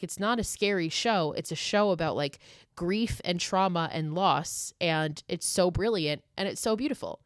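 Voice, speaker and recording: A woman's voice: on the low side, dry recording, studio quality. A woman hosting a podcast solo, talking casually and emotionally, gushing and swearing freely. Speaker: podcast host.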